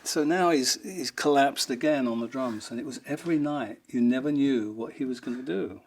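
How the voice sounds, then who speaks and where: A man's voice: mid-range voice, normal speed. A man, a rock guitarist, telling fond, rambling anecdotes in an interview, amused and laughing now and then.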